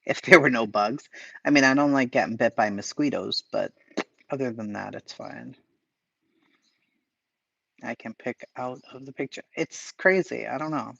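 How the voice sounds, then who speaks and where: Man, gravelly voice, profane sarcastic streamer chat, dry lo-fi sound. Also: medium pitch, moderate pace, long pauses, bright, forceful tone, no echo. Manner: profane, sarcastic, muttering asides. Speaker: livestream host reading chat. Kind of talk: casual chat. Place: home, dogs barking nearby.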